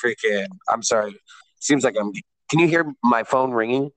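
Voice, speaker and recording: A man's voice: mid-range voice, moderate pace, fairly bright tone, dry recording, rough recording. A man in casual chat who swears and laughs hard while backing up his friend's story. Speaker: podcast co-host.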